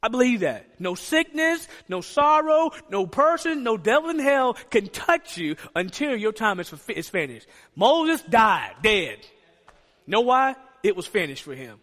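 A man's voice: very high voice, very animated, a little slow, few pauses, a bit bright. A man preaching a sermon in a church, emphatic, asking the congregation rhetorical questions. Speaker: pastor. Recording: long hall reverb.

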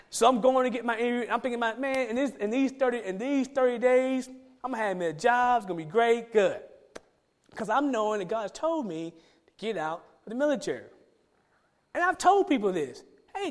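A man telling a personal testimony as a sermon, animatedly acting out his own past conversations. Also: high-pitched. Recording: long hall reverb.

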